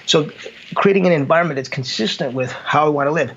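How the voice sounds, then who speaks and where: A man's voice: on the high side, quick pace, fairly bright tone, lo-fi sound, slight background noise. A man, a consultant, talking casually and telling stories with acted quotes and frequent restarts. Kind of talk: casual conversation.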